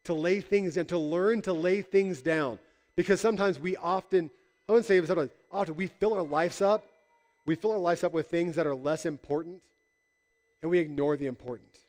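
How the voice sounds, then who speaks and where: A man's voice: on the high side, moderate pace, a little mellow, big-room sound. A man preaching a casual sermon as pastor, conversational and joking, acting out voices in the stories he tells. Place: church hall.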